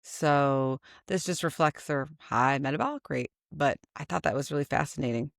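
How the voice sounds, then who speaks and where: A woman's voice: low-pitched, normal speed, vocal fry, dry recording, studio quality. A woman co-hosting a casual animal podcast, speaking loosely and often saying "like". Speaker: podcast co-host and teacher. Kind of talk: casual chat.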